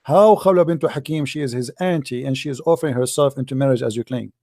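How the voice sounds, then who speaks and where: A man's voice: mid-range voice, fast, warm tone, no echo, clean studio sound. A man hosting a heated debate, insistent and mocking, repeating his challenges over and over. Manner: mocking and insulting. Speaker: debate host.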